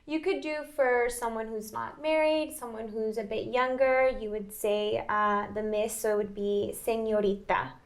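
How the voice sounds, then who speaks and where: A woman with a slightly high voice explains things patiently as a tutor. Her answers are short, and she affirms often with a soft mm-hmm. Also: moderate pace, hardly any pauses. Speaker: language tutor. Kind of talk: casual explanation.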